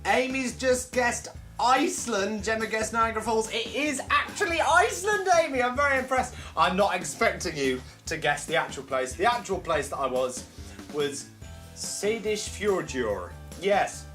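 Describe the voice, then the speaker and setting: Hosting a live comedy stream, a man reads viewer comments and chats playfully, animated and self-mocking as he jokes at his own expense. His voice is high-pitched and moderately paced, with soft music in the background.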